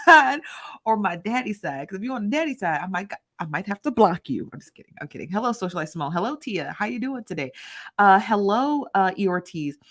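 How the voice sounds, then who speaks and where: A woman's voice: mid-range voice, fairly bright tone. Chatty woman hosting a live stream. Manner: chatty and playful, greets viewers by name; conversational asides and rhetorical questions. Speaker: host of a live gossip stream. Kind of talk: casual live-stream commentary.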